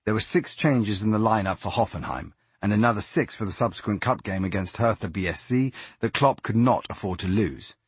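A man reading a nonfiction sports book aloud as narrator, telling it in a measured way. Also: fairly low pitch, slightly rough, no echo. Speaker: audiobook narrator. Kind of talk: scripted narration.

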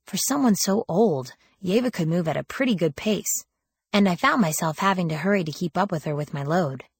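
A woman's voice: on the low side, expressive, fairly quick, husky, no echo. A woman reading a first-person audiobook in a wry, sardonic storytelling manner, lifting her voice for quoted lines. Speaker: audiobook narrator.

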